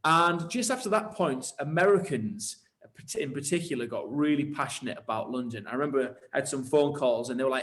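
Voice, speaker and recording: Enthusiastic man, slightly high voice. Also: fairly quick. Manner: enthusiastic, animated storytelling with quoted thoughts. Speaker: church leader and pastor. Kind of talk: storytelling interview answers.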